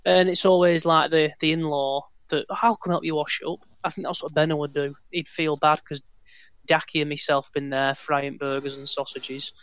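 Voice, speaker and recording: A relaxed man gives his opinions as a football podcast panelist, wandering through his points and repeating phrases. His voice is a little on the high side. The recording is close and dry. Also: normal speed, no room sound. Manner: rambling, relaxed, repeats himself. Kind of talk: casual football podcast chat.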